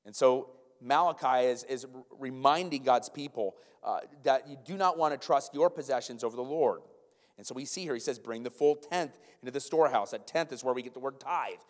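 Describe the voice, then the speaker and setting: A man preaching a sermon in a church sanctuary, animated, with stumbling restarts and repeated words. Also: mid-range voice, fairly quick. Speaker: pastor. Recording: long church hall reverb.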